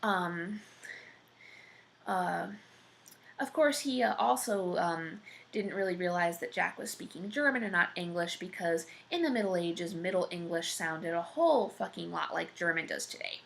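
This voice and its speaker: A woman's voice: on the low side, a little slow, creaky, fairly bright tone. A woman telling an improvised story parody in a casual way, rambling, swearing and using lots of fillers. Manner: rambling, profane, full of fillers.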